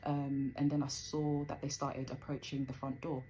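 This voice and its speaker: A woman's voice: rumbling low, flat delivery, moderate pace, mellow, slight background noise, poor audio. A young woman telling a personal story in a rambling, conversational way with plenty of fillers.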